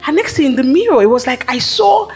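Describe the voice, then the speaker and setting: A woman preacher delivering a sermon with rhythmic, repetitive phrasing and emphatic pauses. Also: high voice, expressive, gravelly, faint music behind.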